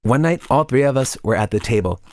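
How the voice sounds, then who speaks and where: A man's voice: medium pitch, animated, brisk, a little mellow, dry recording, studio quality. A man reading a scripted first-person confession story in plain storytelling. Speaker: narrator.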